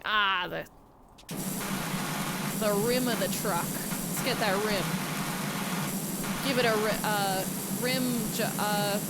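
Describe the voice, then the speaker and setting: A woman streaming a game live, chatting casually and excitedly to her chat and the game. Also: mid-range voice, heavy background noise.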